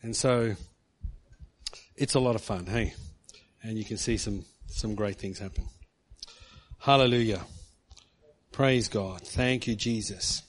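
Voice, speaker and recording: A man's voice: lowish voice, slow, long pauses. A middle-aged man preaching, telling a personal story in a chatty way and ending remarks with "hey". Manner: chatty, tag questions with "hey". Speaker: pastor. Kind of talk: sermon storytelling.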